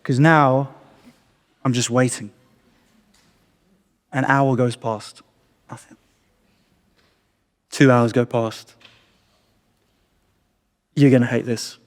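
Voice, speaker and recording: A man's voice: medium pitch, fairly even intonation, takes it slowly, pauses often. A man in his thirties, a stand-up comedian telling a self-deprecating story on stage and acting out his own thoughts. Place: live comedy venue. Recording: long reverb of a performance hall.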